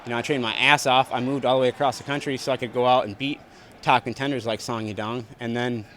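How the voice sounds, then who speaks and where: With a medium-pitched, steady voice that's quick and a bit bright, a young fighter answers reporters in an arena's backstage press area after a bout. His post-fight interview responses in the scrum are blunt, profane and repetitive.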